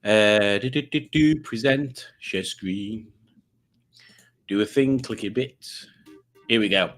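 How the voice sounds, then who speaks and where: A man's voice: lowish voice, slow, fairly bright tone. Jokey man hosting a stream. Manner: rambling, self-mocking, jokey. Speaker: quiz stream host. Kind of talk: casual livestream chat.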